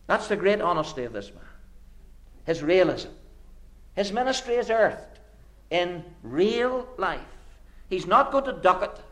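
Earnest preacher with a lively pitch. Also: male voice, a little slow, pauses often. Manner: earnest, rhetorical, builds with repeated phrases; swings from hushed low phrases to sudden emphatic rises. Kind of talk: sermon.

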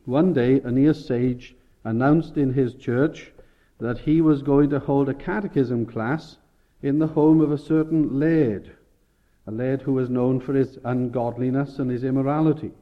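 A man's voice: mid-range voice, fairly even intonation, measured pace, phone-quality sound. A man preaching a sermon, explaining scripture and rising to emphatic peaks. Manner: expository, rising with emphasis, self-correcting.

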